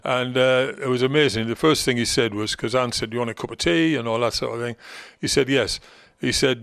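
A man's voice: medium pitch, steady tone, a little fast, fairly bright tone, clean tone, dry recording, studio quality. An older man from England, telling stories in a chatty, teasing way as an interview guest. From Gateshead, North East England. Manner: chatty storyteller, teasing, quotes others in their own voice. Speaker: interview guest, former football manager. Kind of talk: reminiscing interview talk.

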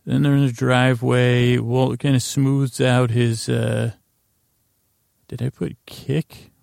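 A man hosts a podcast episode recap meant for sleep, loosely going over scenes and paraphrasing what characters say, rambling with many fillers and restarts. His mid-range voice is gravelly and darkish, level in tone and slow. The audio is studio quality with no echo.

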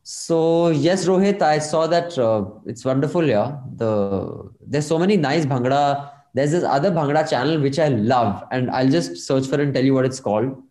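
A man's voice: medium pitch, lively intonation, normal speed, hardly any pauses, warm tone, echoey room. A man hosting a podcast in casual chat, reading listener emails aloud and adding his own asides. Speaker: podcast host.

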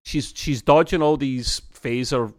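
A man's voice: medium pitch, a little slow. Rambling man co-hosting a review chat. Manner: rambling, full of restarts and fillers, laughs often. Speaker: podcast co-host reviewing a TV episode.

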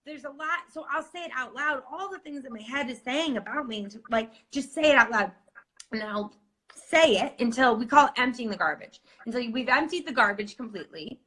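A woman with a bright, somewhat high voice talks casually as a guest on a podcast. She coaches clients on intuition and keeps acting out her inner voices in little quoted asides. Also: animated, brisk, breathy edge.

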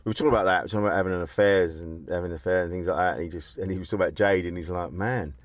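Middle-aged host with a very deep voice, blunt and sweary, frank storyteller. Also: male voice, fairly even intonation, rapid-fire, no echo. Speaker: podcast host. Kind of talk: candid conversation. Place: car park.

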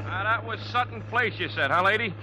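An actor playing a brusque, money-minded New cab driver in a 1950s radio drama. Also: male voice, high voice, a little fast, noisy background, lightly acted. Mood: gruff, cynical. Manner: brusque, streetwise, blunt. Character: gruff New York cab driver, grasping and cynical. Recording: old radio broadcast.

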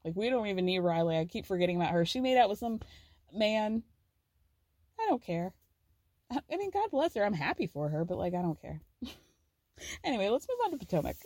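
A woman hosting a podcast, recapping reality TV in a chatty, giggly, animated way. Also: mid-range voice, a little fast, pauses often, dry recording. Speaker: podcast host.

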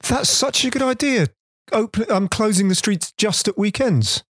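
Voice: medium pitch, moderate pace, breathy edge, no room sound, studio quality. A host, asking questions eagerly in a casual interview.

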